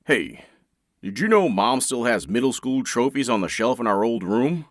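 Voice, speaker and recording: A man's voice: medium pitch, big pitch swings, moderate pace, no room sound, studio quality. A male audiobook narrator voicing a teasing young adult brother who goads and jokes. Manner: teasing, goading.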